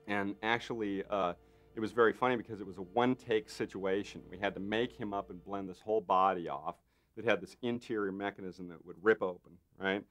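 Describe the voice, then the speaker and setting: A man, a makeup effects artist, telling a lively behind-the-scenes story in an interview and acting out what other people said. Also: lowish voice, a little fast. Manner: animated storyteller, acts out others' lines. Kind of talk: interview anecdote.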